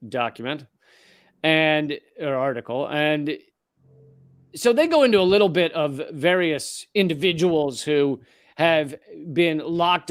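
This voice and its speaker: A man's voice: on the high side, clear, resonant tone, no room sound, clean studio sound. A man co-hosting a podcast, talking in a blunt, profane, sardonic way. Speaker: podcast co-host. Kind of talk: casual podcast chat.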